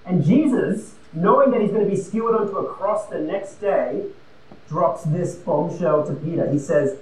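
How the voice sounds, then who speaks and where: A man preaching a sermon, emphatic and conversational, swinging between loud and quiet. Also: high-pitched, moderate pace, a little hiss or hum. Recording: roomy and distant with faint ambience.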